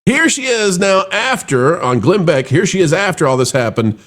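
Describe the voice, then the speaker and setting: A man's voice: big pitch swings, normal speed, fairly bright tone. A middle-aged man hosting an opinionated commentary show, talking in a sarcastic, mocking way. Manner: dramatic swings between high and low voice.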